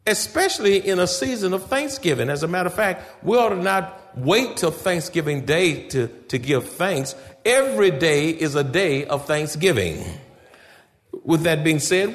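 A man preaching a sermon as pastor, speaking emphatically, firing rhetorical questions at his congregation and speaking to them directly. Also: on the high side. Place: church sanctuary. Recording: echoey church hall reverb.

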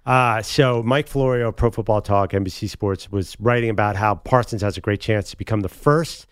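A man co-hosting a sports talk radio show, animated and quick to argue a point. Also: fairly low pitch, clear, resonant tone, no echo, studio quality.

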